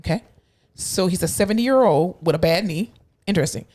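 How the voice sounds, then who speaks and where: Animated storytelling woman in her thirties. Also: a little fast. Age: 30s. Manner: animated storyteller, acts out quoted people with big pitch jumps. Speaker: podcast co-host, physical therapist. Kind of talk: casual chat.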